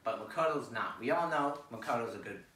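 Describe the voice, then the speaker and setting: A young man presenting a fan lecture gives friends a crude, slangy, rambling story recap, acting out the characters' lines in animated voices. He speaks a little fast at medium pitch, heard from a distance in an echoey room with slight background noise.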